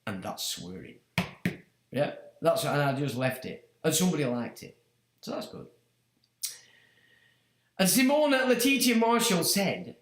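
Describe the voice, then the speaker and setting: Man, livestream host, high lively voice, roomy echo. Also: unhurried, pauses often. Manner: animated and swearing, mocking, laughs often. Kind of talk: casual storytelling to a livestream.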